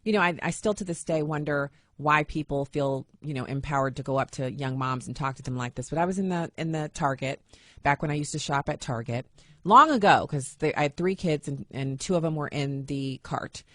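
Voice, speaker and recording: Animated storytelling woman radio host. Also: low voice, a little fast, no room sound, studio quality. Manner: animated, acts out quoted voices. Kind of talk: personal storytelling on talk radio.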